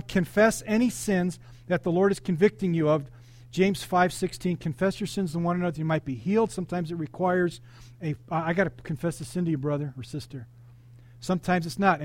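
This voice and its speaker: High-voiced man preaching to a congregation. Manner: animated, interactive preaching with congregation call-outs. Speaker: pastor. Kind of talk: sermon.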